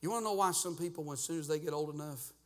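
A middle-aged man preaching a revival sermon and altar call in a church, swinging from loud, fervent rhythmic urging to hushed near-whispers. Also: fairly high pitch, rapid-fire. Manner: fervent, rhythmic preaching with sudden soft drops. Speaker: pastor. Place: church sanctuary.

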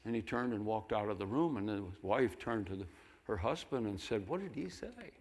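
An older man preaching a sermon, telling folksy stories and breaking into loud mimicking voices. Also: fairly low pitch, a little fast. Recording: long hall reverb.

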